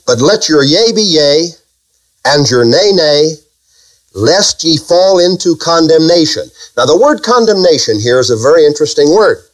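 A man's voice: on the high side, lively intonation, normal speed, low-quality recording. A man preaching a sermon, emphatic and full of rhetorical questions to his congregation.

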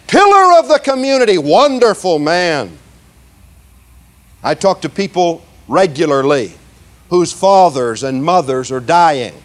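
Preaching a sermon in a high voice, a man draws out words for emphasis and has the congregation repeat lines after him, often checking in with "okay?" and "see?".

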